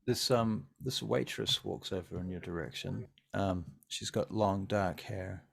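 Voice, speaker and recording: A man narrating as game master, relaxed and full of fillers. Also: deep voice, measured pace, creaky, slightly rough.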